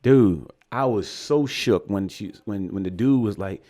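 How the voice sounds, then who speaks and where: Speaking a little fast in a medium-pitched voice with hardly any pauses, this young Virginian podcast co-host tells a casual story. He's animated and acts out the quoted voices.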